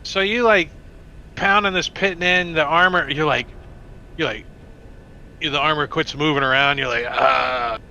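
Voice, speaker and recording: Bright, animated man running a tabletop game. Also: on the high side, a little hiss or hum. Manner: animated, throws in sound effects and quick voices. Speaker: dungeon master.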